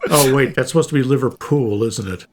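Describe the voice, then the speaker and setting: A man's voice: mid-range voice, brisk, noisy background. A man co-hosting a podcast, making dry teasing remarks. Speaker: podcast co-host. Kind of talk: casual podcast chat.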